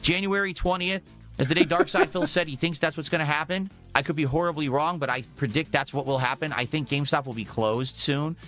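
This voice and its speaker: Emphatic, bright-voiced ranting man. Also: a little high, brisk, soft background music. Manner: emphatic, repetitive, self-assured. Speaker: streamer. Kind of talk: ranting stream monologue.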